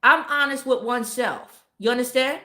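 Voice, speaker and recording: A woman's voice: high-pitched, moderate pace, pushed and bright. A woman hosting a casual live stream, talking bluntly and cursing often while greeting viewers by name. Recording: echoey room.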